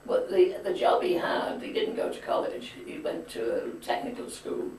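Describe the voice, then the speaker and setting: At a normal pace and a slightly mellow tone, an elderly grandmother chats through her memories while being interviewed, telling stories with firm opinions. The echoey room and faraway camcorder mic give a home-video feel with a little hiss or hum.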